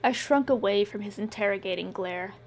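A woman reading first-person scripted fiction in a measured, subdued way. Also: mid-range voice, a little mellow. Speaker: audiobook narrator.

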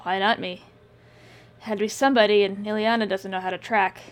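A woman voicing a blunt, gruff young man who talks in a dry, tired way and swears. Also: mid-range voice, fairly even intonation, quick pace, natural voice.

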